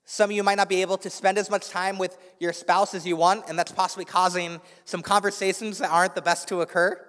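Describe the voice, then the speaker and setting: A man preaching a sermon to a church congregation. He speaks earnestly with a slight lisp, often restarts his phrases, and softens his voice for guided reflection. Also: high voice, flat delivery, brisk. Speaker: pastor. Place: church sanctuary with a live congregation. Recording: long reverb of a large hall.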